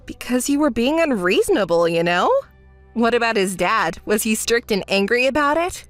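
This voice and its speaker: A woman narrates a texting story in a calm and dryly exasperated manner. Her pitch moves freely even when she is composed, and the recording is dry and close with light music behind her. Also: normal speed, dry recording.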